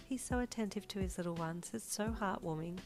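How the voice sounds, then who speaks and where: A woman voicing a soft-spoken, kindly young mother who muses aloud, in a fanfiction reading. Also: mid-range voice, fairly quick, faint music behind, lightly acted. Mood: gentle. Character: gentle, curious young mother.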